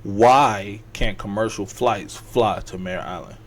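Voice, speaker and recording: A man's voice: fairly low pitch, slight background noise. A man hosting a podcast, telling a long story in a loose, rambling way and acting out the characters' lines. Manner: rambling, acts out characters' lines in quick voices. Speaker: podcast host. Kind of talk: casual storytelling.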